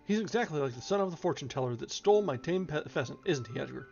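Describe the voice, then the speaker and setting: A man's voice: on the high side, expressive, fast talker, creaky, a little mellow, soft background music. A man doing a lisping, whiny spoiled girl. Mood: petulant. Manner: lisping and petulant. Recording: dull lo-fi recording.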